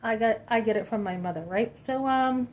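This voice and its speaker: A woman's voice: on the high side, normal speed, a little hiss or hum, low-quality recording. Chatty, indignant woman telling a story. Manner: animated, indignant, chatty with asides to viewers. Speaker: vlogger. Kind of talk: casual storytelling to camera.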